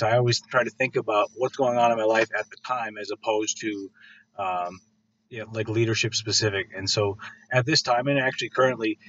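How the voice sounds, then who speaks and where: A middle-aged man from Michigan's Upper Peninsula giving a casual spoken presentation, rambling with fillers and restarts, then livelier as he tells a story. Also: mid-range voice. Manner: rambling, many fillers and restarts, grows animated when telling a story. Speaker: student giving an oral presentation. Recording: dull lo-fi sound.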